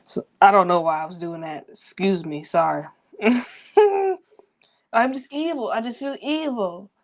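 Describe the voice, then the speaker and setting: A young woman venting in a rambling personal vlog, talking quickly, swearing a lot and talking to herself. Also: medium pitch. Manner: fast, rambling, heavy swearing, self-talk. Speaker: vlogger.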